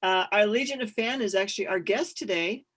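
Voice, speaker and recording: A woman's voice: medium pitch, a little fast, fairly bright tone. A woman co-hosting a sports podcast in casual chat, upbeat and often giggling. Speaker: podcast co-host.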